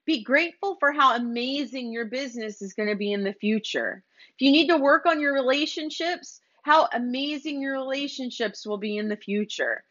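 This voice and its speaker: A woman hosts a motivational business podcast, preaching at her listeners, urging them on and repeating phrases. Her voice sits high with a fairly bright tone, at a normal speed. The lo-fi recording is slightly dull.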